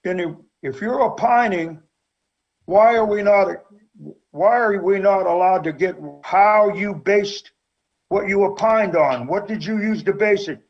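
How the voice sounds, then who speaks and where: A man's voice: sits high, measured pace. A man on a city council, questioning the law director insistently in a council meeting debate. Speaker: council member. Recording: dull lo-fi sound.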